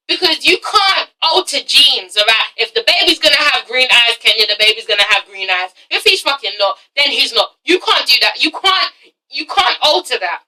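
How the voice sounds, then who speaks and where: A woman's voice: high-pitched, expressive, moderate pace, pushed and bright, far from the mic, rough recording. Sassy teenage English woman ranting. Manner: sassy, swears a lot, keeps asking "okay?". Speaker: vlogger reviewing reality TV. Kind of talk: casual rant review.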